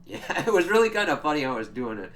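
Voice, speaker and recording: A man's voice: fairly high pitch, sing-song, racing, fairly bright tone. Casual man recapping a TV episode. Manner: chatty, swears freely, laughs while retelling scenes. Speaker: show reviewer.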